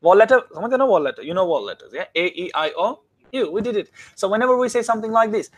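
A man teaching a classroom grammar lesson, often stopping to ask the students whether it is clear. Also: high voice, expressive, very fast, highs cut off. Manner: keeps checking understanding with questions.

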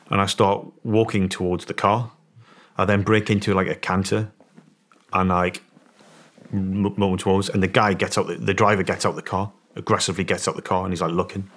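With a deep voice and a British English accent, a middle-aged former soldier from England tells a story as a guest in a podcast interview. He's an animated storyteller who acts out the voices of the people he quotes.

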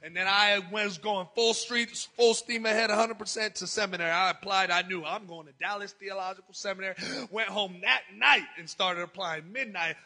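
High, bright-voiced animated preacher man. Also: a little fast, poor audio. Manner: animated, acts out conversations, bursts into shouts. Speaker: pastor. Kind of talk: storytelling sermon.

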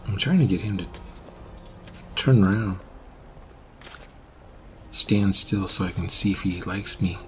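A man giving casual gameplay commentary, rambling and correcting himself, sometimes trailing off into quiet mutters. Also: low-pitched, unhurried, long pauses, soft background music.

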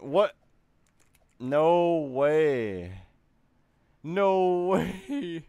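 A man streaming live, reacting in excited disbelief with lots of repeated exclamations. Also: on the high side, extremely slow, pauses often, clear, resonant tone, dry recording, clean studio sound. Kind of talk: casual live-stream chat.

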